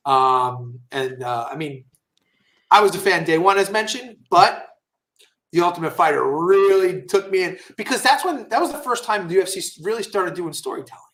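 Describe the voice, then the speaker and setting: High, bright-voiced man telling stories. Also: normal speed. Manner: animated, profane, full of fillers and asides. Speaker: guest entrepreneur. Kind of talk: casual storytelling interview.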